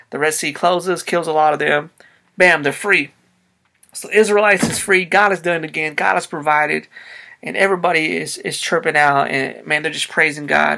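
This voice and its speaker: A man's voice: fairly high pitch, vocal fry, bright, forceful tone. A man preaching a sermon in a casual, conversational way, using slang as he retells a Bible story. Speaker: pastor.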